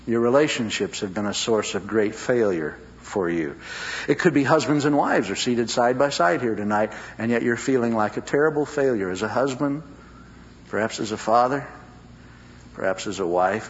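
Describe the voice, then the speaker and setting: Male preacher, sermon to a congregation, dramatic drawn-out emphasis, lively pitch swings, lo-fi recording. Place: church service with a congregation.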